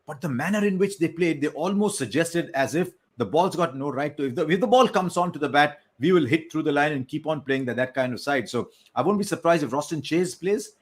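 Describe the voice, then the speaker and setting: A man giving measured, analytical post-match cricket talk over a remote link. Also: on the high side, lively intonation. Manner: measured, analytical, self-correcting.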